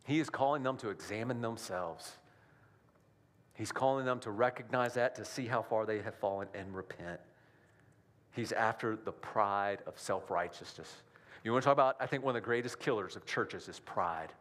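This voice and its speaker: A man's voice: lowish voice, normal speed, a bit bright. Conversational male pastor preaching. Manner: conversational preaching with rhetorical questions. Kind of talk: sermon.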